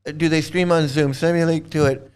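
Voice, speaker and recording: A man's voice: on the high side, steady tone, fast, darkish tone, clean tone. A man hosting a casual livestream chat, rambling and stammering, laughing often and mocking. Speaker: channel host.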